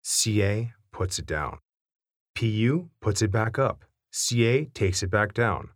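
A man reads a funny family story aloud with a wry, animated delivery. His voice sits low but swings widely in pitch, and it has a husky edge. The recording is dry and close. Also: takes it slowly, no room sound. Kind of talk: reading a family anecdote aloud.

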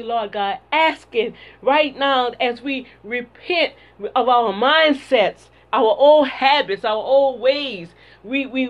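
A woman preacher delivering a sermon and prayer in a fervent, repetitive cadence, on a dull lo-fi recording. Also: high-pitched. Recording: dull lo-fi sound.

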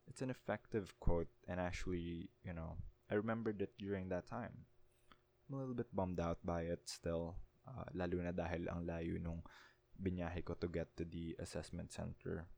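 A young man from the Philippines, hosting a casual solo podcast in a candid, halting way. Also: low-pitched, steady tone, creaky, darkish tone. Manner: candid, halting, switching between English and Tagalog. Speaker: podcast host.

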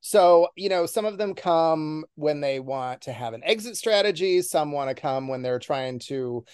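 A man's voice: fairly high pitch, lively intonation, a little slow, a little mellow, clean tone, no room sound, clean studio sound. A middle-aged man as an interview guest, confident and wisecracking. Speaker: podcast guest. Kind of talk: casual interview chat.

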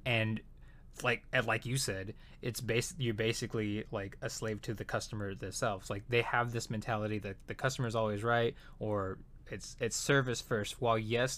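A man's voice: on the low side, fairly bright tone. Rambling, profane young-sounding man. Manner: rambling, profane, frequent fillers and restarts. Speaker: retail worker telling a story. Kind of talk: casual chat.

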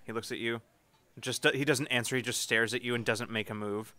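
A man's voice: medium pitch, steady tone, brisk, pushed and bright. A man narrating a tabletop game as game master, meandering through his descriptions. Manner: meandering, many fillers and restarts.

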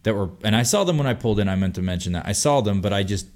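A young man telling a long story on a casual podcast, animated and full of swearing. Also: on the low side, racing. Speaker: podcast host.

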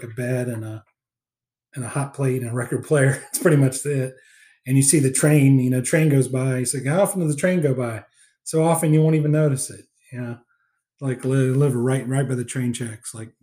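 A man's voice: mid-range voice, warm tone. Rambling, filler-heavy man recapping a film. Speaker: podcast co-host. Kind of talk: casual film discussion.

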